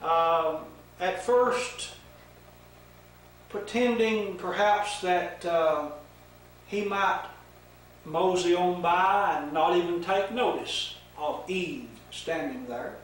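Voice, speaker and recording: Older guy telling a bible story nice and slow, high-ish voice, echoey room, far from the mic. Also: fairly bright tone. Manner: slow, folksy storytelling with fillers. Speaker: Bible teacher.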